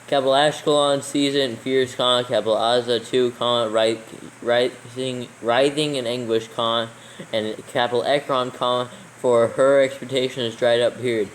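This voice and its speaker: A man's voice: mid-range voice, steady tone, moderate pace, a little hiss or hum, low-quality recording. Man dictating scripture with punctuation. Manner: reads steadily, calling out commas and capitals. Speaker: reader dictating text for proofreading. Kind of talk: slow dictation with punctuation read aloud.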